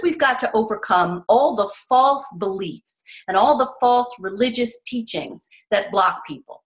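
A woman author is the guest on an interview and tells her stories with a lot of drive. She speaks earnestly and with emphasis, and she acts out the voices of the people she describes. Her voice sits at an ordinary middle pitch. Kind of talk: animated personal storytelling.

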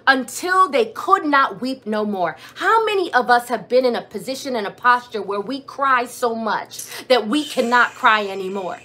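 A woman's voice: on the high side, expressive, normal speed, hardly any pauses, sharp tone. A woman preaching a sermon and leading prayer, building her points through repetition and rhetorical questions. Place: church or streamed prayer service.

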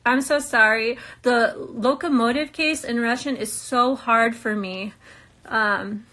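Slow-talking young woman chatting casually. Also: on the high side, bright, forceful tone. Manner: reads questions aloud then answers chattily, laughing often. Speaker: reality show cast member answering viewer questions. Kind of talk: casual live Q&A chat.

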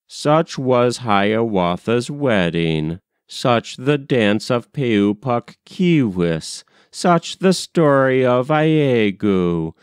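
A man reciting a long narrative poem in a measured, rhythmic way, as an audiobook reader. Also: mid-range voice, clean tone, no echo, clean studio sound. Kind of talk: scripted poetry narration.

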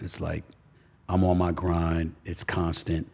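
Gravelly deep-voiced New man. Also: monotone, slow. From Queens, New York. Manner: emphatic, repeats phrases for stress. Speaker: guest. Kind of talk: candid personal storytelling.

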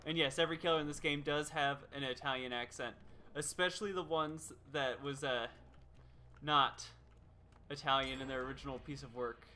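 A man's voice: mid-range voice, fairly even intonation, normal speed, pushed and bright, a little hiss or hum. A man streaming a video game live, playfully taunting the other players as he commentates.

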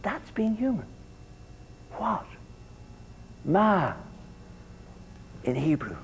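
A man's voice: fairly high pitch, lively intonation, unhurried, dark tone, slight background noise, poor audio. A man giving a university lecture, often repeating his words as he restarts sentences and putting questions to the students.

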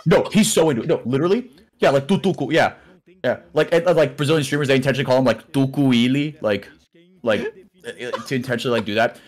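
A man co-casting an esports stream, talking in rambling, animated casual chat with many restarts. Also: medium pitch, very fast. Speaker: esports co-caster.

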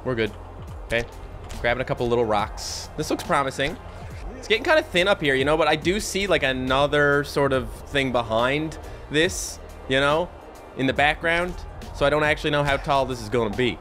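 A man's voice: mid-range voice, animated, moderate pace, a bit bright, faint music behind. A man giving gameplay commentary, self-mocking and chatty, talking to himself and his viewers. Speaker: gaming YouTuber.

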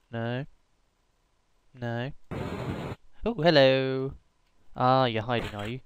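A young man casually chatting over a game, wandering from joke to joke and humming to himself. His voice sits at an ordinary middle pitch. A steady hiss of noise sits under the home recording. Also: slow pace, pauses often, poor audio. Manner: rambling, joking, random outbursts and humming. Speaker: gaming YouTuber. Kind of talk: casual gameplay commentary.

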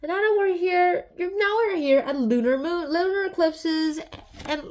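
A woman's voice: very high voice, unhurried, slight background noise. A woman narrating a science explainer in a playful way, breaking into little songs and silly voices. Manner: playful, jumps into sung bits and silly voices. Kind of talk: playful educational video narration.

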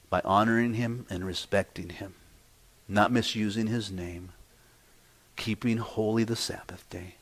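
A male pastor preaching a sermon, emphatic, swinging between hushed, slow stretches and loud, raised passages. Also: on the low side. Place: church.

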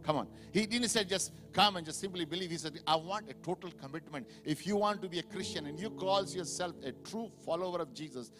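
A male pastor preaching a sermon to a live congregation, building from quiet reflection to loud, fervent exhortation. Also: fairly high pitch, fairly quick, few pauses, music in the background. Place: church sanctuary with live congregation.

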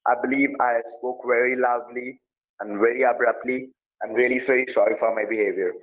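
A man's voice: mid-range voice, fairly even intonation, fairly quick. A man playing a support agent on a phone call, pushy and threatening, repeating his demands over and over. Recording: tinny phone line.

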